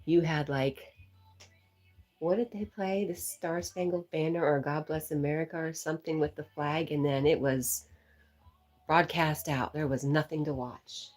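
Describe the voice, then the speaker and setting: A middle-aged woman hosting a livestream from home on a laptop mic. She chats casually, reads viewer comments aloud and laughs often, clearly amused by herself. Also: deep voice, fairly even intonation, measured pace, a little mellow, faint music behind, low-quality recording. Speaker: livestream host.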